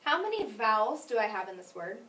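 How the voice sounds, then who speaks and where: A woman's voice: fairly high pitch, sing-song, fairly quick, bright, forceful tone. A woman teaching a phonics lesson, asking questions and praising answers patiently. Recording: echoey room, mic at a distance.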